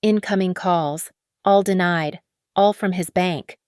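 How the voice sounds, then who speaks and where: Brief: woman playing a cool, quick hacker, low and dry. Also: steady tone, a little mellow, clear, resonant tone, no room sound. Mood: brisk. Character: sharp woman hacker ally.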